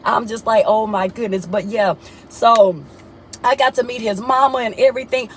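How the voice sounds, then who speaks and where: A young woman telling a personal story in a casual vlog, animated and colloquial, repeating herself and talking straight to viewers. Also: moderate pace, a little hiss or hum. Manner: animated, expressive, often jumps high in pitch when excited. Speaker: vlogger.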